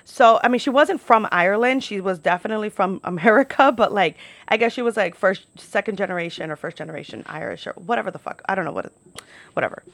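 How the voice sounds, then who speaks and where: A young woman from New York talks through her stories at a relaxed, rambling pace, peppering everything with "like" and the odd curse word. Her voice sits at an ordinary middle pitch. The recording is dry and close, with no room sound. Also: fast, vocal fry, dry recording. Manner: chatty, lots of "like", profane asides. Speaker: podcast host. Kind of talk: casual storytelling monologue.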